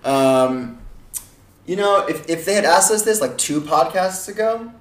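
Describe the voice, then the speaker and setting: A man in his twenties co-hosting a podcast in casual chat, chatty and quick to laugh, often restarting his sentences. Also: fairly high pitch, animated. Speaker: podcast co-host. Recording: echoey room, faint background noise.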